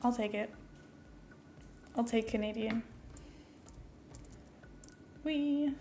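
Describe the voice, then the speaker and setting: A young woman with a fairly high voice and an international-school American accent, chatting as she streams a game. She is chatty and giggly and answers her viewers between building tasks. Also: drawn-out words, dark tone, a little hiss or hum. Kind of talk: casual chat while playing a game live.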